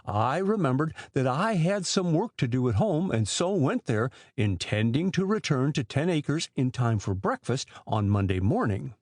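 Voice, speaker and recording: A cool, defensive gentleman from an old mystery audiobook, answering in curt, guarded sentences, as the male narrator reads him. The reading is dry and close, with lively pitch. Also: normal speed, hardly any pauses, no echo.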